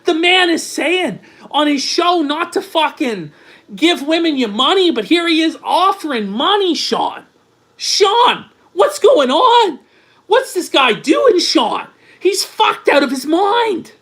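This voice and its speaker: A shrill, high-pitched man screams and swears in frantic exasperation, as a commentator puts him on. The voice sits far above a normal speaking range and sounds strained, shouting each complaint over again. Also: big pitch swings, slow, exaggerated voice. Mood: exasperated shouting. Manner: yells and swears, repeats "Sean" in outrage. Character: frantic shrieking man, exasperated, yelling at Sean.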